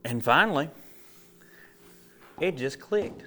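A man's voice: on the high side, lively intonation, takes it slowly, sharp tone, slight background noise. A man preaching a casual sermon to a live audience. He tells stories, asks rhetorical questions and acts out his own inner dialogue. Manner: conversational storytelling with rhetorical questions.

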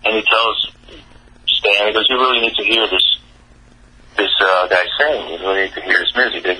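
A middle-aged man, a rock singer, telling his story in a rambling, halting way full of fillers. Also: on the low side, fairly even intonation, pushed and bright, slight background noise, rough recording. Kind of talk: casual storytelling interview.

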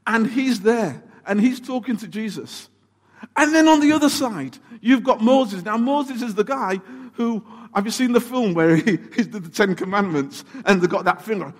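A man preaching a sermon, telling the story in an animated, emphatic way and asking rhetorical questions. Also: sits high, moderate pace. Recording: long hall reverb.

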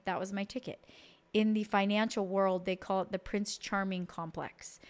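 A woman in her thirties, an entrepreneur telling a personal story in a chatty, animated way, sometimes slipping into voices for the people she quotes. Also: mid-range voice. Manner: chatty with frequent likes and self-corrections. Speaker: entrepreneur and podcast guest.

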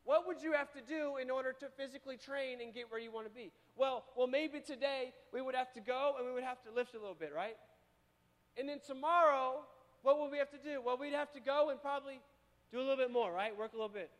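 Male pastor, very high voice, energetic sermon with congregation prompts, long hall reverb. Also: quick pace. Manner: energetic, calls on the congregation to repeat.

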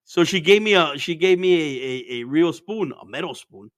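A man's voice: fairly high pitch, lively intonation, moderate pace, no room sound. A man telling stories in casual chat as a podcast host, laid-back and profane, laughing often and mixing Spanish into his English.

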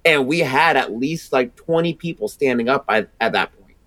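Energetic rambling man with Rhode Island accent. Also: medium pitch, normal speed, no room sound. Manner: energetic, rambling with many restarts. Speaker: podcast guest, sound engineer. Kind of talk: casual chat.

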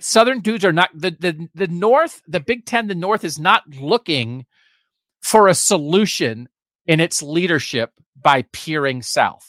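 A man's voice: on the high side, a bit bright, dry recording, clean studio sound. A man co-hosting a sports podcast, giving emphatic, opinionated talk with sarcastic asides.

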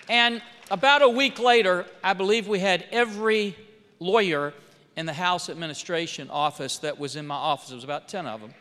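A man with a notably high, bright and ringing voice gives a speech to a church gathering. He tells stories and acts out the dialogue, rising in volume for emphasis and sinking softly at the ends of phrases. His voice carries a long reverb, as if heard in a big hall. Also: normal speed. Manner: storytelling with rising and falling emphasis, quoting others in dialogue. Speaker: congressman speaking at a church.

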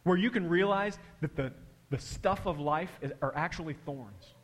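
A middle-aged man preaching a sermon, telling stories animatedly and swinging from loud bursts to hushed, quiet passages. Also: a little high, normal speed. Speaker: pastor. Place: large church hall. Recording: long hall reverb.

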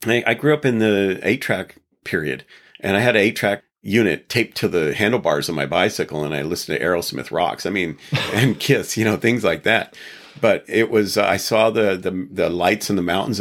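A man's voice: sits low, fairly bright tone. A man from Texas, a podcast guest, telling long rambling stories in a reflective way and chuckling now and then. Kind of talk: casual storytelling interview.

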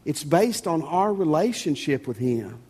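A man preaching a sermon as pastor, folksy and animated, often repeating words. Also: a little high, unhurried, slightly rough. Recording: long reverb of a church hall.

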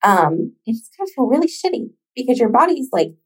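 A woman hosting a podcast, talking casually and encouragingly straight to the listener, with swearing and long pauses. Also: a little high, big pitch swings, breathy edge, low-quality recording. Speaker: podcast host. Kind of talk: motivational podcast monologue.

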